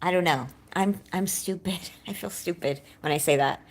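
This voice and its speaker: A woman with a slightly low voice talks openly to viewers on a livestream. Her speech has a slight nervous lisp, and she rambles, circling back on her own doubts as she goes. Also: moderate pace. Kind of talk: candid livestream chat.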